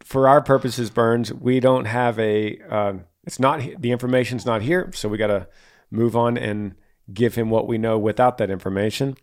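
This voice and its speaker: A man's voice: mid-range voice, moderate pace. A man hosting a casual advice chat, answering listener email in a blunt, folksy way. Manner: blunt, folksy, mimics voices when reading back.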